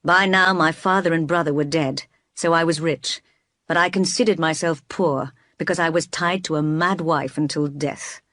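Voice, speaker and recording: A woman reading as a passionate, brooding gentleman. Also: deep voice, fairly even intonation, moderate pace, no echo, studio quality. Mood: confessional. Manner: pleading and impassioned, sometimes forceful. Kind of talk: audiobook dialogue reading.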